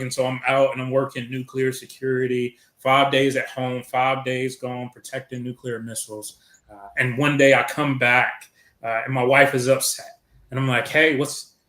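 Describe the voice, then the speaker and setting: A middle-aged man from Chicago tells a personal story on a podcast, slipping into the voices of the people he remembers. His pitch sits in the middle range, and the recording carries a noticeable roomy echo. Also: fairly bright tone. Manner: reflective, retells events with quoted dialogue. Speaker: podcast guest. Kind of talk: storytelling in conversation.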